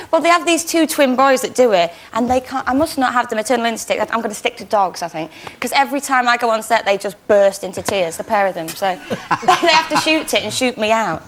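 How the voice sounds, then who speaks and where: A young English woman chatting as a guest on a chat show, giggly and warm. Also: on the high side, expressive, brisk. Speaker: actress guest.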